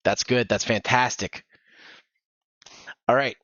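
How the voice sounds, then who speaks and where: A man's voice: medium pitch, fairly even intonation, takes it slowly, a bit bright, no echo. A man hosting a voice acting workshop stream, encouraging as he directs and demonstrates lines, speaking into a gaming headset mic. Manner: encouraging, directs with demo readings. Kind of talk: instructive streaming chat. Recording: dull, dry headset audio.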